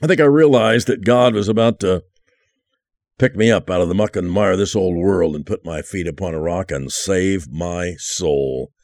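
An older male pastor telling his conversion story in an earnest, emotional way, often dropping to a hushed voice. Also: low-pitched, normal speed, no room sound, clean studio sound. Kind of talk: testimony sermon.

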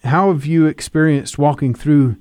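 A man's voice: on the high side, moderate pace, a little mellow, no room sound, studio quality. A man hosting a Christian radio interview, speaking earnestly and reflectively and drawing on scripture. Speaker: radio show host.

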